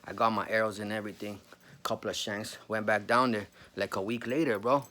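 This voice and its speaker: Fast-talking, cussing man telling a creepy story. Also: lowish voice, steady tone, bright, forceful tone. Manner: profane, rambling, says bro a lot. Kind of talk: casual storytelling.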